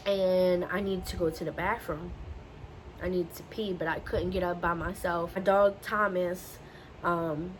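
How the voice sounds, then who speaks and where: A woman's voice: fairly low pitch, a bit bright, slight background noise, poor audio. Woman vlogger telling a personal story. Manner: emotional, repetitive retelling.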